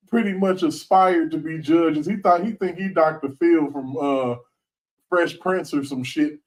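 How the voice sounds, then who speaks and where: A man hosts a loose commentary chat, slangy and emphatic, breaking into laughter often. His voice sits a little high, and he sounds somewhat distant from the mic. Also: measured pace. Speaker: host.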